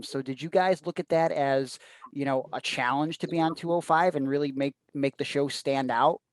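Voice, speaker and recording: A man's voice: on the high side, no room sound. Man hosting a podcast, dry close sound. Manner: conversational, long rambling questions. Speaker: podcast host. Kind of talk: casual interview questions.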